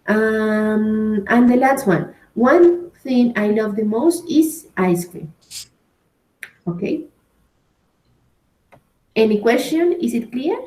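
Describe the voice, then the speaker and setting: A woman's voice: on the high side, warm tone. A woman with a Colombian Spanish accent leads an English grammar class and takes her time over each point. She keeps checking in with "right?" and "okay?" as she explains. Her voice has a noticeable echo, as if she is in a bare room. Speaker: English teacher. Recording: echoey room.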